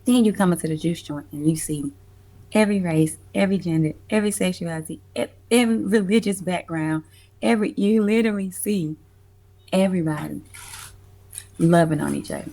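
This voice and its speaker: Deep-voiced woman with some vocal fry, candid music curator telling stories with slang and cussing. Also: brisk. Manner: expressive, slangy, profane. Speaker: music event curator, guest. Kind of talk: casual storytelling interview.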